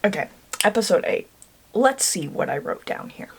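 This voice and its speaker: A woman's voice: medium pitch, sing-song, normal speed, gravelly, slightly rough. A woman from Ireland giving a casual, rambling review monologue, talking herself into a heated rant at times. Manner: chatty, rambling, gets worked up and rants. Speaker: book and TV reviewer.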